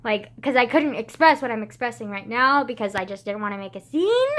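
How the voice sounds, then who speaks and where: A woman's voice: a little high, very animated, a little fast, fairly bright tone. A teenage girl vlogging in casual chat, filling her talk with "like", sighing often and swearing bluntly. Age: teens. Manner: heavy use of "like" as filler, frequent sighs, blunt swearing.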